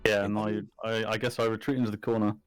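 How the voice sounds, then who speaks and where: Male player, easygoing, low voice, dry close sound. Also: little pitch movement, fast, clear, resonant tone, no echo, faint music behind. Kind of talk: casual game chat.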